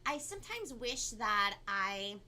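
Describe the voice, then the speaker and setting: A bubbly, fast-talking woman with a Californian Valley girl lilt hosts a children's live stream. Her voice is bright and forward. A faint hiss of background noise sits under the recording. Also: on the high side, very animated. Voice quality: talks a lot and fast, bubbly. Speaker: kids' show host.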